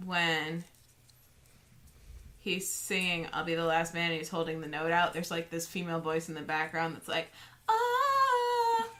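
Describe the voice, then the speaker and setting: A woman's voice: low-pitched, little pitch movement, normal speed, sharp tone. A woman co-hosting a podcast in casual chat, talking with lots of fillers and restarts. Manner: chatty, many fillers and restarts. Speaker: podcast co-host.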